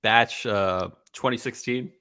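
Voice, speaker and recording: A man co-hosting a podcast, chatting casually through a whiskey tasting, relaxed and rambling with many ums and uhs. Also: medium pitch, slow pace, dry recording. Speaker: podcast co-host.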